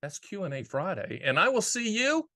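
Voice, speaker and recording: Middle-aged Southern male host, folksy and punchy, fairly high voice, dry close recording. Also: very animated, moderate pace, pushed and bright, no room sound. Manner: folksy and emphatic, with rhetorical questions. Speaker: annuity agent and show host. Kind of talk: casual solo video talk.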